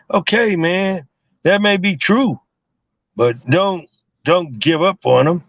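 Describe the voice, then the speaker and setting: A man's voice: high-pitched, takes it slowly, vocal fry, dry recording. Man, rambling street tales. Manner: rambling with many fillers and restarts. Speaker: guest. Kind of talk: casual storytelling interview. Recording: dull lo-fi live stream audio.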